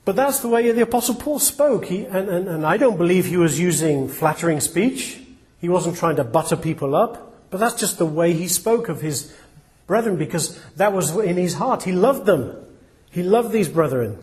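A man's voice: sits high, expressive, moderate pace, darkish tone. A man preaching a sermon in an earnest, plain-spoken way, asking his listeners rhetorical questions. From England.

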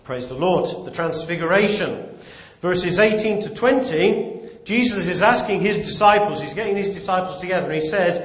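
Male preacher with a higher-than-usual voice, emphatic, repeats key lines; recorded in an echoing room on dull, lo-fi audio. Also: lively intonation, normal speed, fairly bright tone. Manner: emphatic, repeats key phrases, swells on important words. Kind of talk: sermon with Bible reading. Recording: roomy, dull lo-fi sound.

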